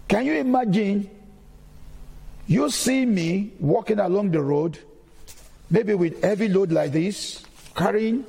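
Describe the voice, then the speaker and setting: A man's voice: high voice, slow pace, creaky, pauses often, mellow, breathy edge, in a large hall. A man giving a sermon-style testimony in a church, repeating key phrases as he preaches.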